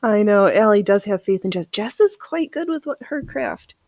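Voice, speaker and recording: A woman's voice: medium pitch, animated, moderate pace, a little mellow, no room sound. A woman hosting a casual live sewing stream. She laughs often and reads viewer comments aloud as she works. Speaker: livestream host.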